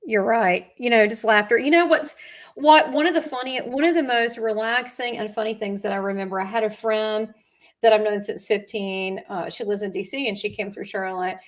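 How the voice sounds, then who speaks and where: A woman in casual conversation, talking warmly about spiritual practice and stories, often restarting her sentences with fillers. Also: medium pitch, steady tone, moderate pace. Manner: chatty storyteller with frequent fillers and restarts.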